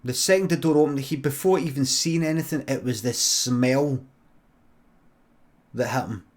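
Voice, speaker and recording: Deadpan Scottish man telling a story. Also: mid-range voice. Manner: deadpan, halting, with restarts. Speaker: streamer. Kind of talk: improvised comic storytelling.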